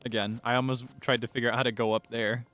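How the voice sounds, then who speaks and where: A man giving casual, giggly livestream commentary while playing, talking through each step out loud. His voice sits at an ordinary pitch for a man. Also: flat delivery, fast. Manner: chatty, giggly, thinks out loud. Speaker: streamer.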